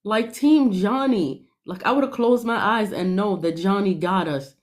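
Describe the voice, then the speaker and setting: A young woman giving animated, sassy commentary on a reality show, laughing often. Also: medium pitch, unhurried. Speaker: podcast panelist.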